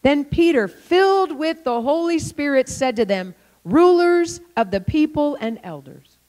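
An older woman preaching in a church, telling a lively story and acting out the people in it. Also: sits high, measured pace. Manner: animated, acts out the people in her stories. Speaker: guest preacher. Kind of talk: storytelling sermon.

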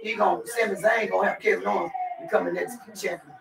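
Man, high gravelly voice, laid-back cooking vlog, phone mic set back in a roomy kitchen with household noise. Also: fairly even intonation, quick pace, far from the mic. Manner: loose, chatty, talks straight to viewers with lots of "y'all". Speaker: cooking vlogger. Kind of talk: casual cooking vlog chat. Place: home kitchen.

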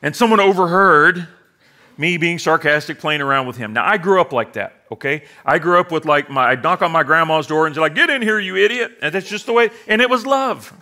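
A man's voice: fairly high pitch, a little fast, sharp tone. A middle-aged male pastor preaching a sermon with humor, sarcastic asides and acted-out quoted voices.

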